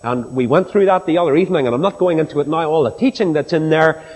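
High-voiced male preacher, folksy storytelling sermon, church hall with long reverb. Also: fast talker, darkish tone.

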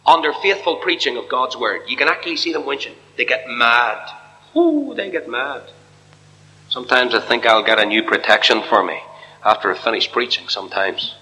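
A man preaching an evangelical sermon to a congregation in church, impassioned, dropping to a hush and then rising high. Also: slight background noise. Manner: impassioned, swinging from hushed to soaring. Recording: long reverb of a hall.

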